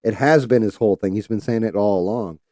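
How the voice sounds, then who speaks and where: A man's voice: lowish voice, fast, warm tone, dry recording, studio quality. A man hosting a livestream, ranting in a casual, profane, heated way. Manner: profane, heated, mocking quoted callers. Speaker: livestream host. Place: home streaming setup.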